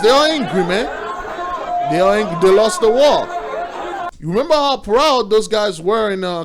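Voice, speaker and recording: Emphatic man commenting over crowd noise. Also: a little high. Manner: repetitive, emphatic, addresses brothers and sisters. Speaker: preacher commenting on news videos. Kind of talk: casual video commentary.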